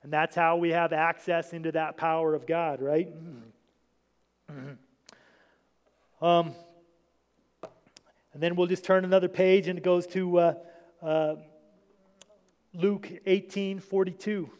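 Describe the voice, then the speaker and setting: A man's voice: a little high, little pitch movement, takes it slowly, pauses often, smooth. A man preaching an informal sermon, talking to his congregation with many restarts and asides. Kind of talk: informal sermon reading scripture. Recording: long hall reverb.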